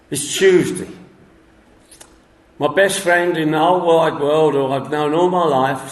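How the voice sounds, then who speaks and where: An older Englishman with a London accent and a slightly high voice gives a rambling personal testimony at a recovery meeting, his words reverberating. As he tells the story, he acts out both sides of a phone call.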